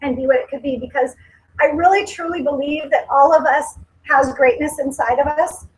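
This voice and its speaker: A woman's voice: high-pitched, steady tone, normal speed, rough recording. A woman in her forties giving an earnest motivational speech at a company meeting, repeating her points with emphasis and tearful at times. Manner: earnest, emotional, emphatic repetition. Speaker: company speaker at a sales meeting.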